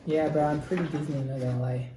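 A young man with a Spanish accent chatting casually as a guest, playful and quick to laugh, often stumbling over his words. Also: a little high, steady tone, dark tone, a little hiss or hum. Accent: Spanish-accented English. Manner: playful, stammering restarts, laughs easily. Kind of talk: casual chat. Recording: echoey room.

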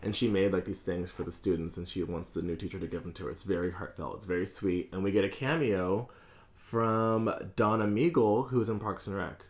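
Man, low-pitched, podcast co-host, casual candid chat, joking, swearing. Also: steady tone, a little fast. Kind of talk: casual chat about a film.

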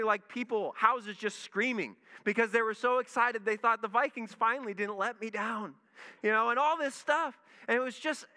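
A man, a pastor, telling a lively story in a sermon and acting out his own reactions. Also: extremely high pitch, clean tone. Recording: long reverb in a large hall.

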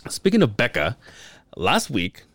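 A man's voice: medium pitch, wildly swooping pitch, slow, a bit bright, no echo, studio quality. A man co-hosting a podcast in casual chat, telling stories animatedly, laughing often and swearing freely. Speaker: podcast co-host.

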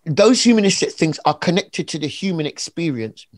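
A man with a fairly high voice, talking in an animated, preacherly way. He leans hard on key words and acts out little scenes. It sounds like a conversation, not a sermon from a pulpit. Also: a little fast, dry recording. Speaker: author and preacher being interviewed.

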